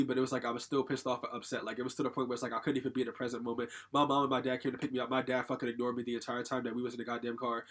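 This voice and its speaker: This young adult storytime vlogger from Connecticut shares a personal tale in a mid-range, fairly bright voice. His telling is casual and rambling, peppered with "like" fillers and casual swearing.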